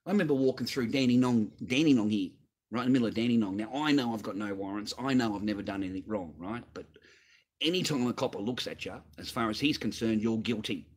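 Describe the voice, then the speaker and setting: Husky, profane Australian man ranting. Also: fairly low pitch, fast talker. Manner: profane, heated, repetitive. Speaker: livestream host. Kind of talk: ranting livestream chat answering viewers.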